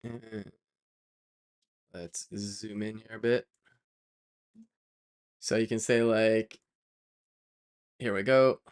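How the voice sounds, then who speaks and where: A man's voice: lowish voice, flat delivery, very slow, pauses often. A man talking casually while he codes on a live stream, rambling with lots of fillers and self-corrections and wandering off on playful side tangents. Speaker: developer live-streaming his work.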